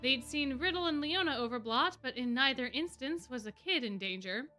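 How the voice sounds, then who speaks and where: A woman streamer reading fan fiction aloud in an expressive way. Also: high voice, moderate pace, soft background music. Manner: expressive, laughing asides.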